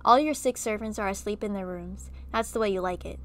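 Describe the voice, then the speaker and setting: A woman reading an interactive horror story game aloud and breaking off for animated, chatty reactions. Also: mid-range voice, brisk, a little hiss or hum. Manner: animated, chatty asides between narration. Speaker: gaming video creator.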